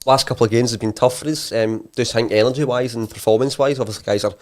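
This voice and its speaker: A man's voice: mid-range voice, fairly even intonation, fast. A man hosting a casual podcast chat, asking questions and talking with lots of fillers. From Scotland. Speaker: podcast host.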